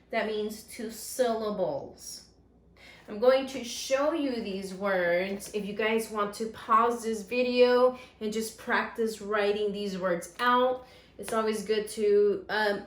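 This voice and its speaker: A woman teaching a recorded phonics lesson to first graders, stretching out each word slowly and praising the class. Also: mid-range voice. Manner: slow, drawn-out word modeling with encouraging praise. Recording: echoey room sound.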